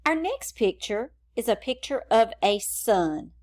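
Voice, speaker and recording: A woman teacher leads young children through a phonics lesson. She speaks at an unhurried, deliberate pace, and her pitch rises and falls in a lively, sing-song way to keep the kids engaged. Her tone is encouraging and patient. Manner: slow, encouraging, sing-song classroom delivery.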